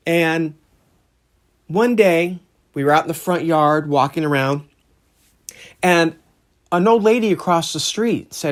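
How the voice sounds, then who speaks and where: A man's voice: on the high side, takes it slowly, pauses often. A middle-aged man casually telling a long personal story while he draws, conversational and rambling with frequent fillers and restarts. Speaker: art channel host.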